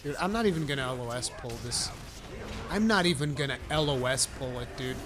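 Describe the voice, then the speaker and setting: A man giving live gameplay commentary, with brash, profane trash talk at his teammates and sudden excited shouting. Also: medium pitch, brisk, background noise. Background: game music.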